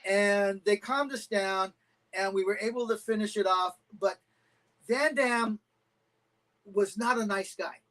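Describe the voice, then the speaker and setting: Animated middle-aged man telling stories. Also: sits high, measured pace, long pauses, low-quality recording. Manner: animated anecdotes with acted-out quotes. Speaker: guest, karate champion and stuntman. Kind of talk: casual storytelling interview.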